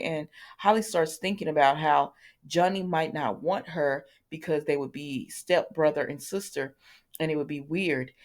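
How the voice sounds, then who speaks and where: A woman's voice: sits low, unhurried, a little mellow. A woman casually recapping a soap opera episode, retelling the characters' lines in a loose, talkative way with lots of fillers and self-corrections, and speaking straight to her viewers.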